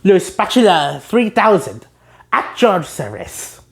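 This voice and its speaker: A woman voicing a snooty male talking spatula from a cartoon, speaking in a haughty, drawn-out way. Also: medium pitch, sing-song, vocal fry, heavily acted.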